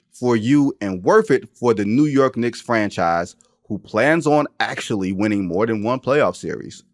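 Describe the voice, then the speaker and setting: A man hosting a sports podcast, talking in a casual, animated and joking way with lots of slang. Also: medium pitch, no echo, clean studio sound. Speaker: podcast host, NBA reporter.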